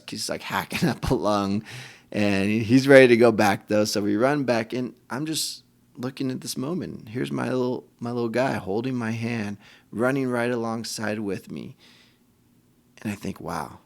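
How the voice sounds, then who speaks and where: A man's voice: medium pitch, vocal fry. A man hosting a faith podcast for fathers, telling a personal story in a candid, self-deprecating, conversational way. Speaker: podcast host.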